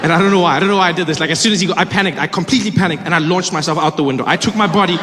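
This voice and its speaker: High-voiced animated stand-up man. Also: racing. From South Africa. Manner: animated, acts out scenes. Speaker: stand-up comedian. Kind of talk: stand-up storytelling. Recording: live show in an echoey hall with noise.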